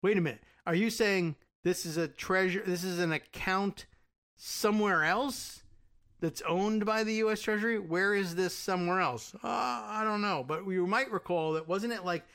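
A man's voice: sits high, moderate pace, fairly bright tone. Sardonic man reading and commenting. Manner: sardonic, thinks aloud with fillers and asides. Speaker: commentator reading news aloud.

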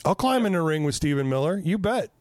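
Man, 50s, podcast host, swears a lot, animated storyteller, slightly high voice, dry close sound. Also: quick pace, dry recording. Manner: profane, animated storytelling with self-mocking laughs. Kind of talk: casual podcast chat.

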